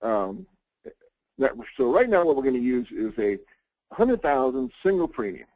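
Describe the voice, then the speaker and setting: A man talks through a webinar lesson in a loose, conversational way, stumbling over restarts and "you know"s. His voice is mellow and relaxed, close and dry on the mic with no room sound. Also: medium pitch, moderate pace, no echo, rough recording. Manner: conversational, many fillers and restarts. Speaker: webinar presenter on insurance planning. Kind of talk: informal webinar lecture.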